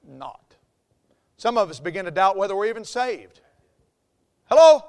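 Southern preacher guy, pretty high voice, cracks jokes, gets loud then drops quiet. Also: expressive, fast talker. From American South. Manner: folksy, joking, dramatic swings in loudness. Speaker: pastor. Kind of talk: sermon.

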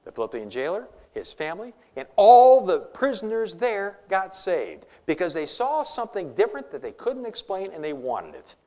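A man preaching a sermon in church, emphatic and lively, with humorous asides. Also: high-pitched, normal speed, hardly any pauses.

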